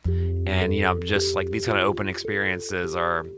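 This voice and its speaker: A young man from Mississippi with a very low voice tells rambling stories in a laid-back way. He says "dude" all the time and laughs between lines. Music plays clearly underneath. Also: little pitch movement, moderate pace. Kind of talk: casual storytelling chat.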